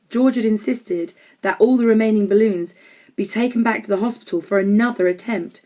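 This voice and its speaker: A woman's voice: medium pitch, fairly quick, dark tone. Woman narrating a children's audiobook. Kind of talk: scripted storybook narration.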